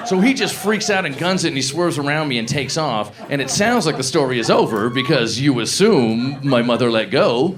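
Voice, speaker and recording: A man performing a stand-up comedy set, telling a story with animated delivery that rises to shouts. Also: a little high, fairly quick, few pauses, a loud crowd, very noisy.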